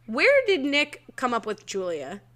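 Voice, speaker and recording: Woman co-host, bright forceful tone, slightly high, quick and laughing, steers the chat. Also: wildly swooping pitch. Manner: quick, laughing, leads the discussion. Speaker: podcast co-host. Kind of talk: casual chat recapping a TV episode.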